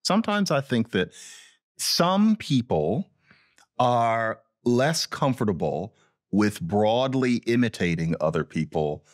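A man speaking as a linguist guest in a podcast interview, explaining in an animated way with big pitch swings. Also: takes it slowly, dry recording, studio quality.

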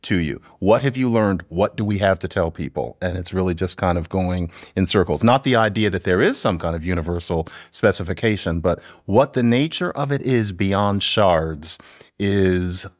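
A man speaking as a linguist guest in a conversational interview, explaining in a lively, professorial way. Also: low voice, normal speed. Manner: lively, professorial, imitates accents playfully.

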